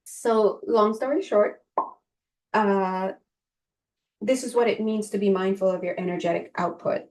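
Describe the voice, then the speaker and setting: A woman giving a casual spiritual talk as a teacher, animated, acting out little quoted voices and laughing often. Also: medium pitch, measured pace. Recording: echoey room.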